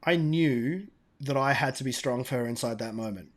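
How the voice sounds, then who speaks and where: A man co-hosting a podcast, telling stories in an animated, emphatic, casual way. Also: mid-range voice, normal speed. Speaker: podcast co-host. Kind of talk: casual storytelling chat.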